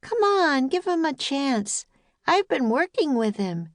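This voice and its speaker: A woman's voice: very animated, slow, no room sound, clean studio sound, exaggerated voice. Bubbly little girl, as a woman reads her. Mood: eager. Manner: eager, high and bright. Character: bubbly energetic young girl.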